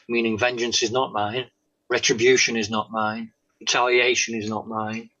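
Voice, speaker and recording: A man, a guest telling his faith testimony in an interview, halting with many pauses and "um"s and often dropping to a soft tone. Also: on the low side. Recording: dull lo-fi sound.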